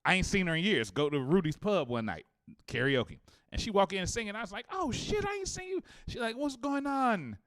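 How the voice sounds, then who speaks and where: A podcast host from Cleveland, Ohio, trading stories and roasting friends in casual banter, laughing often. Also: male voice, high-pitched, big pitch swings, brisk, a bit bright, no echo, clean studio sound. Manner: rowdy storyteller, laughing and roasting.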